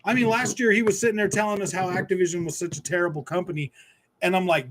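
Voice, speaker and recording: High-voiced man ranting on a livestream. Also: steady tone, fast talker. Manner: frustrated, repetitive, stammering restarts. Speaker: gaming livestream host. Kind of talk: ranting live stream chat.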